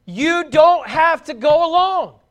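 A man with a very high-pitched voice preaches a fervent sermon. He is middle-aged and calls out his exhortations to his young listeners. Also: lively intonation, slow pace, fairly bright tone.

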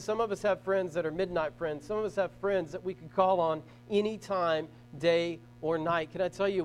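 A pastor preaches to his congregation in a church. His voice sits very high for a man. He talks earnestly, stressing points and circling back over his phrases. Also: a little hiss or hum. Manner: earnest preaching with rising emphasis and repeated phrases. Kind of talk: sermon.

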